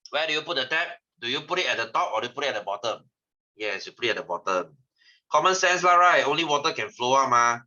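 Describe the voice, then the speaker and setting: A man with a Malaysian English accent teaching a science class, teasing and lively, dropping lah and ah between questions. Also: mid-range voice, highs cut off. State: tired, yawning. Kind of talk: online class lesson.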